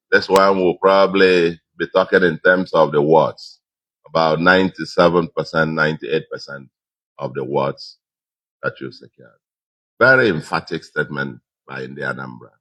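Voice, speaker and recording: Deep emphatic Nigerian man, bright tone. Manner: emphatic, repeats key phrases. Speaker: re-elected governor giving victory speech. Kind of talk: victory speech.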